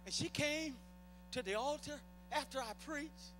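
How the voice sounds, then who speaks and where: A man's voice: very high voice, a little slow, sharp tone. A middle-aged man, a bishop, preaching a fervent sermon with repeated, stammered restarts in a large church. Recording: echoey hall with music behind.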